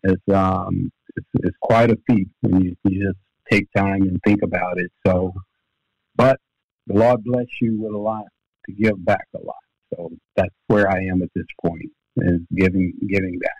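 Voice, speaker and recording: A man's voice: low voice, fairly even intonation, creaky, darkish tone, dry recording. An older man, a former basketball player and coach, telling stories in a podcast interview with frequent fillers and restarts. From Louisiana. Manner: unhurried storytelling with many fillers and restarts. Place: home office. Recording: dull lo-fi dry remote audio.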